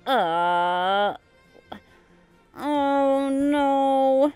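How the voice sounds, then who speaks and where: A woman vlogging her gameplay casually, excitable and dramatic, rambling with lots of "like". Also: sits high, very slow, no echo, faint music behind. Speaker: gaming YouTuber. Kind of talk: casual game commentary vlog.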